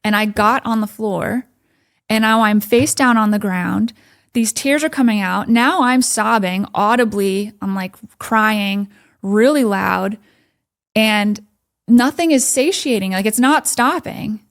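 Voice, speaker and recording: A woman's voice: medium pitch, unhurried. A woman giving a candid personal testimony as a podcast guest, quoting her own thoughts. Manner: candid storytelling with quoted inner thoughts and soft laughs.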